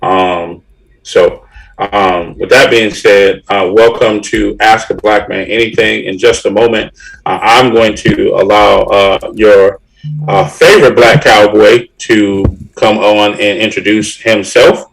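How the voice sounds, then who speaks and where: A man hosting a laid-back podcast from a video call, his voice sitting a little low. He talks easily and unhurried, filling his pauses with ums and quick laughs. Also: gravelly, low-quality recording. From upstate New York. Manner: relaxed, with frequent fillers and laughs. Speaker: podcast host. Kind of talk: casual podcast chat.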